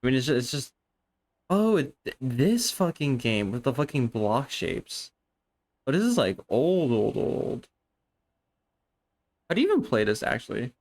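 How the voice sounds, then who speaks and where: A young man chatting casually on a live stream, excitable and rambling, swearing often and restarting his sentences. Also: mid-range voice, normal speed, long pauses.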